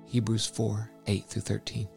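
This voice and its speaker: A man narrates a devotional story and scripture in a measured, solemn reading. His voice sits low and stays flat. Faint instrumental music plays underneath. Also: vocal fry.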